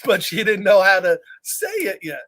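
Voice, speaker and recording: A man's voice: high voice, moderate pace. Man reading a picture book aloud. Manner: animated, chatty asides to young listeners. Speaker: storytime reader for children.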